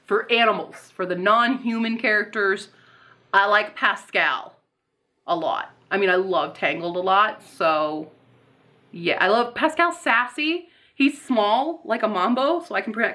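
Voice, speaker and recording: A woman chatting casually in a Q&A vlog, bubbly and rambling, restarting her sentences as she thinks. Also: mid-range voice. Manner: talks softly and coos to her pets. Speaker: booktube author and vlogger.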